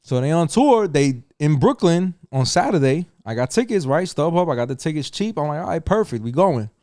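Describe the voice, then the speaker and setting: A man's voice: on the high side, sing-song, brisk, warm tone, no room sound. A middle-aged New York man tells a story with a lot of swearing, his voice slightly raised and swinging up and down as he acts out the other people. The sound is close and dry, with no room around it. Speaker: podcast co-host. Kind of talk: casual storytelling.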